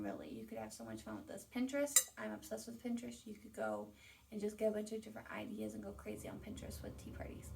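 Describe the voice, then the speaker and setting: A chatty woman hosts a casual home vlog with enthusiasm, her fairly high voice full of gravelly fry. She sits some way off from the mic, with a faint hum of room noise behind her. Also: a little mellow, distant mic. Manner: chatty, enthusiastic, with fillers and asides. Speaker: host. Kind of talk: casual home vlog, showing items to camera. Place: at home, indoors.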